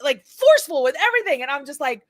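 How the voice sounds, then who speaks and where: A woman co-hosting a casual live-stream chat, an animated storyteller who laughs often. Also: high-pitched, fast talker, no room sound. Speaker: co-host.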